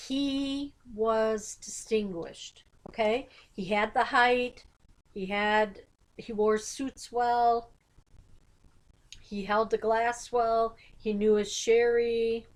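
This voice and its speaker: A woman talks slowly and calmly in a casual chat, mildly defending a film her co-host pans. Her voice sits a little high, and she keeps an amused, easygoing tone. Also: low-quality recording. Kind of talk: casual movie review chat.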